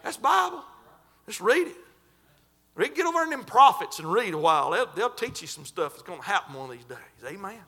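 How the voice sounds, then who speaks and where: A man preaches a sermon in a bright, high voice. He talks folksy and fervent, his pitch leaping around as he draws out scripture lines. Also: big pitch swings, brisk. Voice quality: folksy, colloquial.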